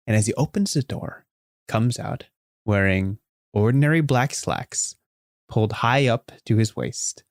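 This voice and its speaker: A man hosting a podcast, improvising a story aloud in an animated way with frequent restarts. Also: medium pitch, a little slow, creaky, no echo, clean studio sound. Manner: animated, with many restarts and fillers. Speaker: podcast host.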